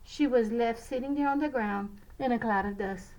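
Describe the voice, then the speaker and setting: A woman teacher reading a picture book aloud to children, expressive and sometimes stumbling over French words. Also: a little high, moderate pace, rough recording.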